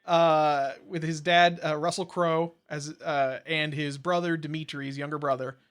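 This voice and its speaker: Man podcast co-host, fairly high and bright, rambling and profane movie recap. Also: little pitch movement, moderate pace, smooth. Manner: rambling, profane, laughs often. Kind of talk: casual movie recap chat.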